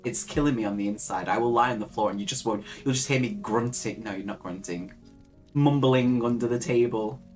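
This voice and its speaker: A woman's voice: very deep voice, brisk, a little mellow, soft background music. A young woman hosting a casual live stream, chatting with viewers, reading their comments aloud and laughing often. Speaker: livestream host.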